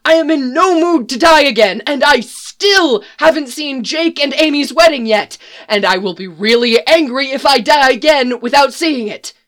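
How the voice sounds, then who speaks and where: A woman voicing a young male hostage who yells and pleads to stop a fight. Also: high voice, animated, normal speed, pitched above the performer's own voice. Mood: exasperated. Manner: yelling, exasperated. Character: frantic young man hostage, pleading loudly.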